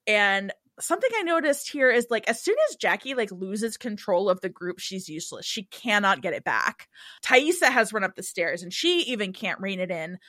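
A woman's voice: moderate pace, no echo, clean studio sound. A woman hosting a podcast, recapping a TV episode in casual chat and acting out quoted lines. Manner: animated, acts out quoted lines in higher voices. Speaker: podcast host recapping a TV show.

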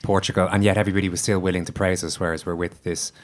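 An Irish man hosting a podcast in a relaxed, chatty way, laughing easily. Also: low-pitched, racing. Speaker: podcast host. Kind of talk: casual podcast chat.

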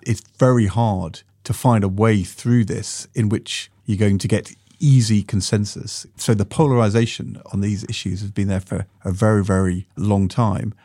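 A middle-aged man with a low, mellow voice that has a husky edge, co-hosting a political chat show. He talks things through in a measured, even-handed way and drifts into personal anecdotes. The sound is close and dry. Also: dry recording. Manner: measured, nuanced, recounts anecdotes. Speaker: podcast co-host, former minister. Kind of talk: political discussion podcast.

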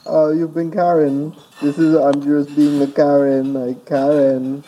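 A man's voice: on the high side, level tone, a little slow, mellow, slight background noise, close to an everyday voice, poor audio. A man doing a pushy woman with a fake French accent in man-on-the-street pranks, repeating "yes, yes" and threatening to call police.

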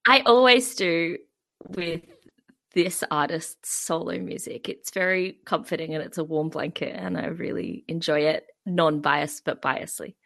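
A woman's voice: lowish voice, measured pace, creaky, a bit bright. An Australian woman co-hosting a podcast in casual chat, talking with many fillers and frequent giggles. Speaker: podcast co-host.

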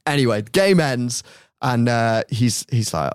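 A man hosts a podcast and tells an anecdote in a casual, lively way, chuckling as he goes. His voice sits in a middle register. The recording is dry and close, with no room sound. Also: mid-range voice, normal speed, no echo. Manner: animated anecdote-telling, laughing often. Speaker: podcast host. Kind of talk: casual storytelling.

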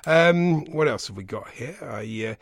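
A man's voice: medium pitch, expressive, a little slow, no room sound. A man co-hosting a podcast, chatting casually, joking and laughing often. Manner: laughs often, jokey, teasing. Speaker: podcast co-host. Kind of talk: casual chat.

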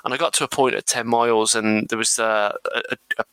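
A man, co-hosting a casual podcast and telling stories in a chatty, animated way. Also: on the low side, fast talker, clean tone, no room sound. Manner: chatty, animated storytelling with restarts. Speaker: podcast co-host.

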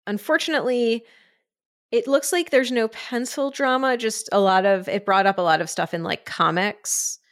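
Playful, quick-witted woman podcast guest. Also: on the high side. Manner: quick, playful, casually swearing. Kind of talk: casual podcast chat.

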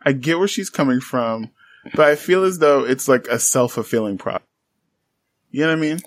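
A man co-hosting a podcast, casually recapping a reality show with animated storytelling. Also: mid-range voice, fairly quick, no echo. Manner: animated storytelling, acts out quotes. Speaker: podcast co-host.

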